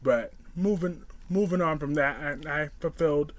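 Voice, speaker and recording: A man's voice: on the high side, normal speed, dry recording. Fired-up ranting male vlogger. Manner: heated, profane ranting; animated, talks straight at the character. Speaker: soap opera reviewer. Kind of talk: casual vlog commentary.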